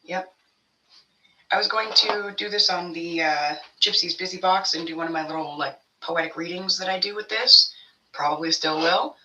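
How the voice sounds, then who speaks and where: A woman's voice: on the low side, moderate pace, sharp tone, distant mic, poor audio. A woman giving a casual spiritual tarot reading to her viewers, rambling and blunt, swearing freely as she talks. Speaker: tarot reader.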